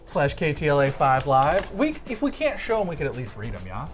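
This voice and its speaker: A man's voice: a little high, huge pitch swings, a little fast, soft background music. A man co-hosting a TV news talk show, reading short news items and trading jokey asides with his co-hosts. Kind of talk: casual studio banter and news reading.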